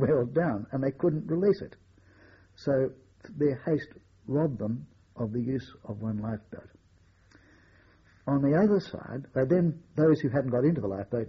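Older man, husky raspy voice, measured storytelling, dull lo-fi recording. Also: medium pitch. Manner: measured storytelling with wry chuckles. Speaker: war veteran recounting memories. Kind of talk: oral history recollection.

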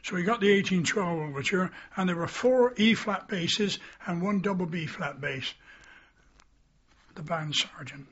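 An older man recalls his boyhood in the army in a rambling, storytelling way and acts out the people he quotes. His voice is husky and sits fairly high for a man. The recording sounds dull and lo-fi. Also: a little slow, fairly bright tone. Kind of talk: oral history reminiscence.

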